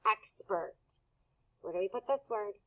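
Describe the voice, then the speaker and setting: A woman teaching a phonics lesson to children, speaking slowly and patiently as she sounds out words. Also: mid-range voice, animated, rough recording.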